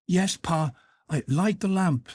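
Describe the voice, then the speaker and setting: A man's voice: sits high, takes it slowly, darkish tone, no echo, studio quality, pitched above the performer's own voice. A man voicing a small, frightened boy who pleads and whimpers in an audiobook story. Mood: timid. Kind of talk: audiobook character voice.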